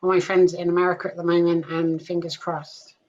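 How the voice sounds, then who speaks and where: A woman's voice: fairly low pitch, flat delivery, fairly quick, a little mellow. A woman from the UK hosting an interview show, friendly and upbeat as she asks her questions. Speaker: show host. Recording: dull lo-fi sound.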